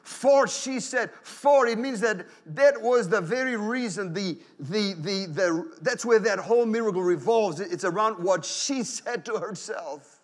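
A male pastor preaching a sermon in church, animated, acting out quoted prayers and inner voices, often repeating and restarting phrases. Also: high-pitched, unhurried, few pauses.

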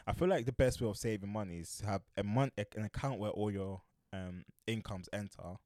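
A young man talks in relaxed, slangy banter, his voice sitting low. The sound is close and dry, with no room around it. He chats casually with a friend, laughing along. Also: a little fast, dry recording. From Nigeria and Ghana heritage. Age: young adult. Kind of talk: casual chat.

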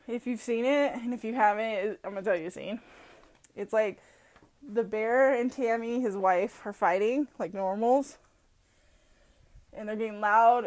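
A woman hosting a solo podcast, ranting bluntly with heavy swearing, laughing often and mocking people as she tells stories. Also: a little high. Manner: mocking, animated storytelling. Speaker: podcast host. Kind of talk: profane solo podcast rant.

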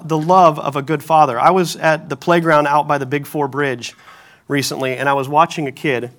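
A man preaching a sermon as pastor, telling animated stories with self-deprecating humor. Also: fairly high pitch.

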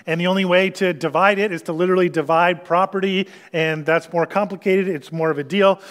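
In his sermon, a male pastor whose speaking voice is notably high keeps a steady tone while working earnestly through scripture one step at a time, pausing and briefly restarting along the way.

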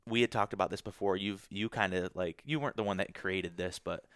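A young man tells a hunting story in a loose, rambling way, circling back with fillers and restarts. His voice sits a little low, and the sound is dry and close, as if recorded on a podcast mic in a small quiet room. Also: a little fast, clear, resonant tone, no room sound. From Michigan. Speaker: guest telling a hunting story. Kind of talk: casual storytelling.

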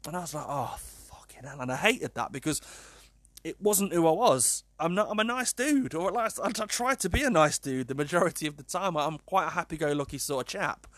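A man's voice: fairly high pitch, animated, fairly quick, a bit bright, no room sound. Rambling British man telling a story, dry sound. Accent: British English. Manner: rambling and self-deprecating, with many "um" and "kind of" fillers. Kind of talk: personal storytelling monologue.

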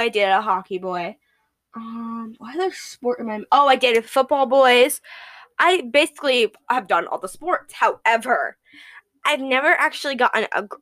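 Teen girl, high voice, giggly solo podcast host, loose gushing chat. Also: a bit bright. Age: teens. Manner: giggly, gushing, laughs at her own jokes.

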